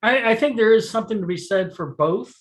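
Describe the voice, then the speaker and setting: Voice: mid-range voice, a little fast, poor audio. A podcast co-host chatting casually, telling stories with lots of laughter and swearing. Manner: animated storyteller, profane, laughs while telling. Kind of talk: casual chat.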